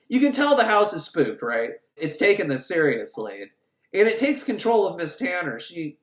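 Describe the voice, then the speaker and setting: A man giving a sarcastic, rambling comedic recap of a movie plot. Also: a little high. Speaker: host recapping a film. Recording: roomy echo.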